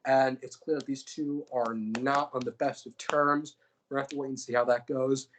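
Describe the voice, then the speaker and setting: A man's voice: mid-range voice, fairly even intonation, normal speed, a little hiss or hum, rough recording. A young man, a podcast co-host, casually recapping fantasy-booked wrestling matches, rambling and joking with lots of fillers.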